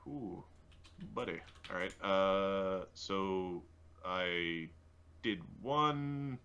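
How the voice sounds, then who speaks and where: A man playing a tabletop game, working through rules in an animated way. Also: deep voice, extremely slow, clean tone, muffled recording. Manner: animated, rule-checking. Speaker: player.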